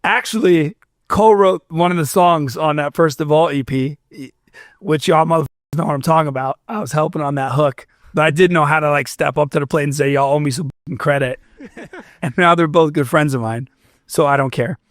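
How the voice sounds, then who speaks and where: A man's voice: fairly high pitch, a little fast, no echo, studio quality. A young man from Florida, a musician telling a story in casual chat, acting out quotes and swearing now and then. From Fort Myers, Florida. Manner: animated, swears, acts out quotes. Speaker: musician guest.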